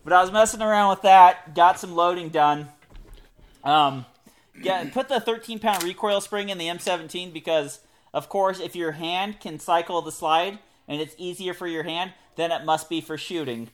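A man co-hosting a casual podcast chat, enthusiastic and joking, often trailing off quietly at the ends of sentences. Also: high-pitched, normal speed. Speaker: podcast co-host.

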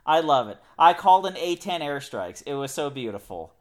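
A man's voice: on the high side, big pitch swings, fairly quick. Upbeat joking man chatting. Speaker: podcast co-host. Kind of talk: casual chat.

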